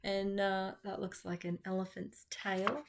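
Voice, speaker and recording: A middle-aged Australian woman and teacher reading a picture book aloud to children, with chatty, lively asides. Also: medium pitch, measured pace, background noise. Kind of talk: children's storytime read-aloud.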